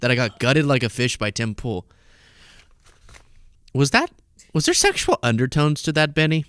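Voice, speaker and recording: Animated male podcast host, lively pitch. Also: moderate pace, no echo, studio quality. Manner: animated, laughing, mocking, high-pitched impressions. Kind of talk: casual political commentary. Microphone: studio mic.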